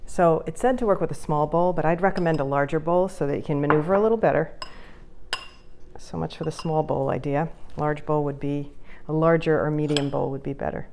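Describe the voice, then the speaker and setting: A woman casually talking viewers through making a home recipe, chatty and easily excited as she goes. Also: deep voice, brisk, vocal fry, slight background noise. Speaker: home cook vlogger. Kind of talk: casual cooking demonstration.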